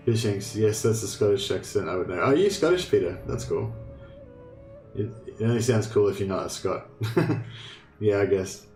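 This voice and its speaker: Low-voiced Australian man, roomy sound. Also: steady tone, normal speed, mellow. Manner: chatty, swears casually, thinks aloud. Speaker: gameplay streamer. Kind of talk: casual gameplay commentary. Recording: roomy echo, faint game music.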